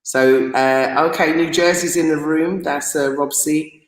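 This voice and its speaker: A woman hosting a live stream, reading out viewer comments and greetings in a chatty, excitable way, often laughing and stumbling over names. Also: low-pitched, a little slow. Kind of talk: casual live stream chat. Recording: roomy echo.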